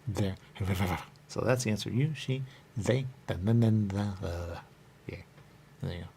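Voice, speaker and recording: A man with a very low, gravelly voice rambles through a loose monologue, circling back to the same catchphrases again and again. A faint hiss of noise sits under his voice. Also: a little slow, dark tone. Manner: repetitive, rambling, repeats catchphrases. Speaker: radio show host.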